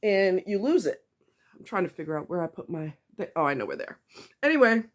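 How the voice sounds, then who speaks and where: Emotional woman vlogger, halting and blunt. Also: fairly low pitch, sing-song. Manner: halting, frequent ums and restarts, blunt swearing. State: emotional, tight throat. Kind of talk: personal confessional vlog.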